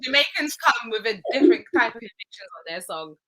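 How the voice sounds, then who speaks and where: Lively high-voiced Bajan woman. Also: brisk, over a noisy crowd. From Barbados. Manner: playful, emphatic, bursts of laughter. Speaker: guest, soca artist. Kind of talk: casual interview chat.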